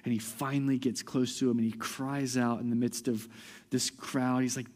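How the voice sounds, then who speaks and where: A pastor giving a sermon, talking conversationally with restarts and building to loud, emphatic passages. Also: male voice, mid-range voice, little pitch movement, normal speed, in a large hall.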